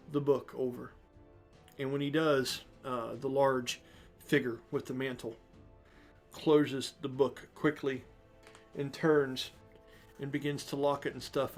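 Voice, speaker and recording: A man narrating a tabletop game as game master, relaxed and improvising with fillers. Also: mid-range voice.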